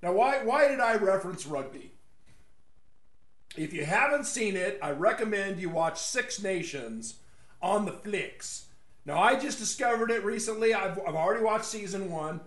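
Man, high-pitched, rambling mocking monologue, echoey room. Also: animated, normal speed, a bit bright. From West Texas. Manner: rambling, mocking, laughs at own jokes. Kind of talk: casual opinionated monologue.

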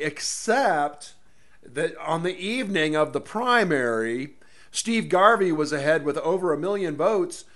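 A man's voice: fairly high pitch, fairly bright tone. A man hosting his own political rant show from his home studio, rambling and sarcastic in a monologue.

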